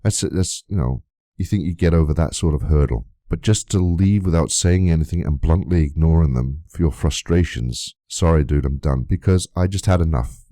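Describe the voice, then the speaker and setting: A man's voice: sits low, moderate pace, mellow, no echo, studio quality. A man giving a vlog rebuttal, reading out old messages and asking again and again where the abuse is, indignant and swearing freely. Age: adult, long friendship of nearly twenty years. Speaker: YouTuber.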